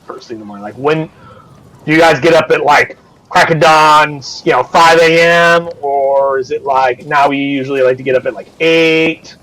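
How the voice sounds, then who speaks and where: A man's voice: on the high side, moderate pace, a bit bright, rough recording. A man running a live-streamed tabletop game as game master, talking loosely with lots of fillers and the odd swear.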